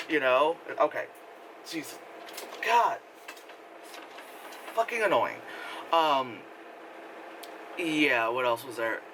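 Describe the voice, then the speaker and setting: A man's voice: mid-range voice, very animated, slow, long pauses. A man giving a casual spoken movie review outdoors, rambling and sarcastic, full of fillers and mocking quotes. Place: outdoors in wind. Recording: faint wind noise outdoors.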